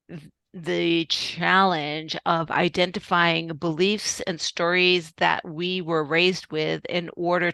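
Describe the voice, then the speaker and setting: A woman's voice: lowish voice, vocal fry, a bit bright, clear, resonant tone, no room sound. A woman hosting a podcast interview, talking casually in a coaching tone and often saying "right" and "you know". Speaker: podcast host.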